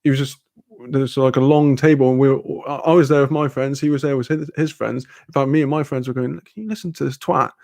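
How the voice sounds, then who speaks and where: Laughing Geordie guy with a gravelly voice. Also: medium pitch, flat delivery, quick pace, mellow, dry recording, clean studio sound. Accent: Newcastle English. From Newcastle, England. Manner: rambling, laughs often, swears freely. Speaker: streamer reading chat. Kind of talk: casual livestream chat.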